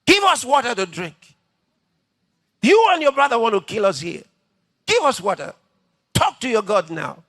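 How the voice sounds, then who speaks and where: A man preaching and voicing an angry crowd of men who shout demands at their leader. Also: extremely high pitch, big pitch swings, normal speed, pauses often, no room sound, studio quality, pitched above the performer's own voice, exaggerated voice. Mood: demanding.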